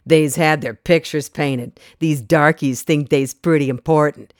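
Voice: mid-range voice, fairly even intonation, a little slow, dry recording, studio quality, natural voice. The reader voicing a coarse, sneering slave hunter who talks in a drawling, taunting dialect.

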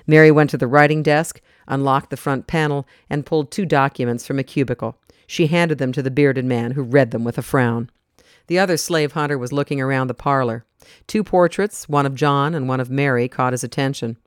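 A reader narrating an audiobook story in an even, measured way. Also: mid-range voice, clear, resonant tone, dry recording, studio quality.

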